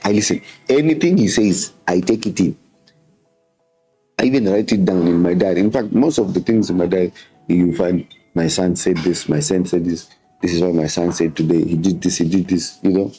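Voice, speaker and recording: Husky deep-voiced Kenyan man, earnest. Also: normal speed, dark tone, soft background music, poor audio. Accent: Kenyan English. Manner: switches between English and Swahili; earnest, repeats words for emphasis. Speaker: host. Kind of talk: casual reflective talk.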